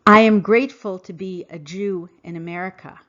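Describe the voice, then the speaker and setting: A woman hosting a podcast, reading a scripted monologue in an earnest, emphatic, measured way. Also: medium pitch, fairly even intonation, fairly bright tone, highs cut off. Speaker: podcast host. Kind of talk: scripted monologue read aloud.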